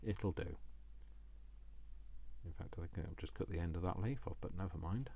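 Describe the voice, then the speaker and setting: Low-pitched, creaky, dark, and slightly rough, a British man's voice moves at a normal speed. He's a crafting vlogger chatting to himself during a craft project, full of self-mocking humor.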